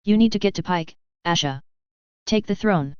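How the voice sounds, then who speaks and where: A woman's voice: on the low side, normal speed, darkish tone, smooth, dry recording, lightly acted. A woman voicing an earnest, wry young male lord who speaks dryly, on a dull lo-fi recording. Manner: dry, earnest.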